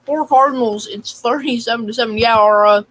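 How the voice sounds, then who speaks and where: A woman's voice: on the high side, a little fast, a crowd in the background, low-quality recording. A woman watching a football game, chatting casually and calling out plays and scores. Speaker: co-viewer.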